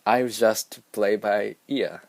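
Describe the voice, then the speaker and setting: A man's voice: lowish voice, steady tone, takes it slowly, creaky, dry recording. A young man with a Japanese accent, rambling and musing aloud in a casual vlog. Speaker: vlogger.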